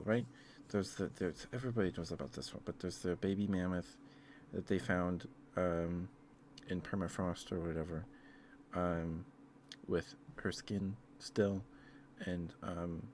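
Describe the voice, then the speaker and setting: A man rambling in a soft-spoken ASMR style, hesitant and full of fillers, tender and easily moved. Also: low voice, slight background noise. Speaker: ASMR streamer.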